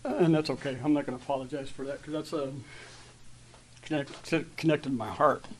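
A church member in his fifties gives a casual, heartfelt testimony to a group, rambling with fillers and restarts and growing loud and animated while retelling stories. His voice is fairly high-pitched at a normal pace. A distant mic picks up faint room ambience plus a little hiss or hum.

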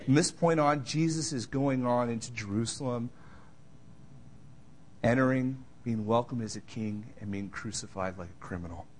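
A man preaching a sermon, moving between loud emphatic lines and quiet, tender asides. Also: mid-range voice, normal speed, a little hiss or hum. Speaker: pastor.

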